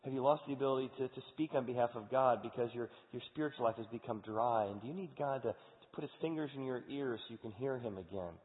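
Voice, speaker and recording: A man's voice: mid-range voice, quick pace, few pauses. A male pastor preaching a sermon in an earnest, conversational way. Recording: echoey hall over tinny sound.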